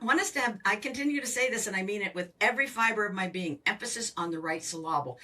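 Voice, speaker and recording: An older woman, a financial coach, explaining with emphatic, animated delivery as a podcast guest. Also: on the low side. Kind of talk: podcast interview. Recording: voice distant from the mic.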